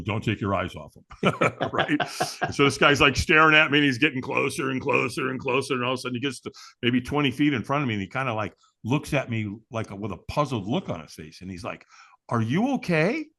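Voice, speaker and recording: A man guest on an interview show, telling a personal story with lively, acted-out quotes and frequent restarts. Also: mid-range voice, quick pace. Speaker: guest, firewalk instructor.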